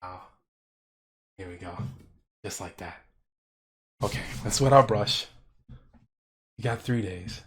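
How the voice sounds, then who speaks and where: A man streaming as he paints, in a quiet, gentle painting-show parody with deadpan dark jokes. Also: fairly low pitch, slow, pauses often. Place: home streaming setup.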